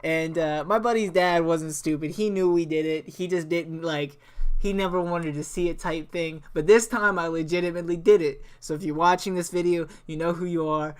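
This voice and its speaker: Laid-back young man with a smooth voice. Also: fairly high pitch, steady tone, normal speed. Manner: laid-back, swears freely, laughs often; rambling with frequent restarts. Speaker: gaming channel host. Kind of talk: casual storytelling over gameplay.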